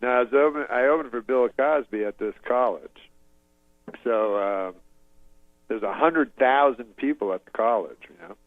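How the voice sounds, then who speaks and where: A man's voice: mid-range voice, moderate pace, no room sound. Man, comedian guest, rambling laid-back storytelling, dry sound, dull lo-fi audio. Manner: meandering, laid-back, chuckling asides.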